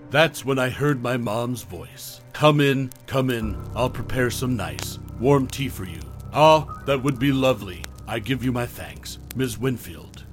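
A male narrator reads a scripted horror story in a soft, hushed voice. His lines often sink low and quiet at their ends, and his pitch sits in a middle range. Faint music plays underneath.

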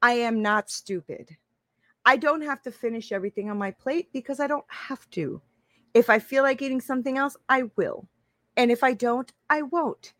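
This woman in her fifties has a high, somewhat bright voice, recorded dry and spoken at a normal speed. As a life coach addressing a live-stream audience casually, she speaks emphatically, repeats her phrases, and keeps checking in with "right?".

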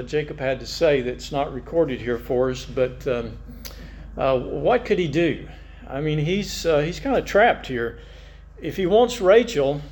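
Man preaching a sermon, slightly high voice. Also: a little mellow. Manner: conversational, musing, reads scripture aloud. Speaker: pastor.

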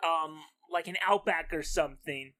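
A woman's voice: low voice, normal speed, fairly bright tone. Giggly woman spinning silly stories. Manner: giggly, rambling storyteller. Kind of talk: improvised comedy chat.

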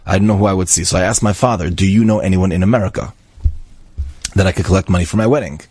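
An earnest young Israeli man thanks his hosts at a dinner table, speaking with heartfelt gratitude, as a man with a low, husky voice plays him. The sound is dry and close. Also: quick pace, a little mellow, no echo.

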